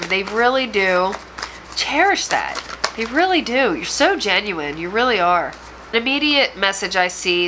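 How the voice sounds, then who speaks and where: A woman tarot reader giving an intuitive reading to her viewers, speaking gently, with small laughs and frequent restarts. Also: mid-range voice, slight background noise, low-quality recording.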